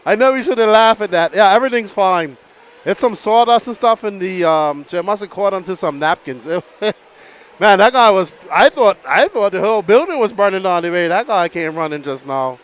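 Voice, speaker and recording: A man calling a live RC car race as announcer, excitable and often laughing between calls. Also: sits high, moderate pace, clean tone.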